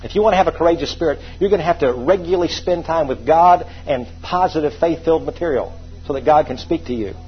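A man's voice: on the high side, fast, lo-fi sound, soft background music. A man preaching a sermon, emphatic and repetitive, calling on the congregation to repeat phrases back to him.

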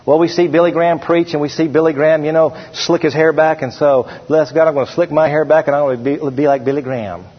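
A middle-aged man preaching a sermon as pastor, slowing down and stressing the scripture verses he reads aloud. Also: a little high, fairly even intonation, husky. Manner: preaching with slowed, emphatic scripture reading. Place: church sanctuary. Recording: dull, hall-echoed church recording.

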